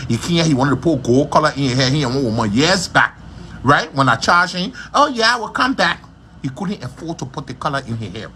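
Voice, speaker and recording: A man's voice: medium pitch, lively intonation, fast talker, pushed and bright, slight background noise. A man hosting a gossip livestream from his shop, talking in a scornful, repetitive way. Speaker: livestream host.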